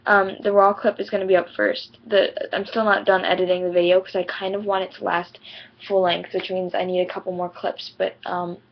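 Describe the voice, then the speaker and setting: Talking fairly quickly in a voice on the low side with a level tone, a teenage girl vlogs a story to camera. She's chatty and rambling, full of "like" and "you know," and the webcam audio is dull and lo-fi.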